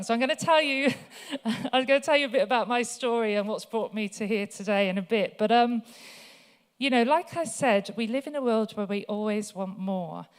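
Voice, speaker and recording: Woman, church talk, chatty storyteller, lots of fillers, slightly high voice. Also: clean tone. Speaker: guest speaker. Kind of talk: church talk with personal stories.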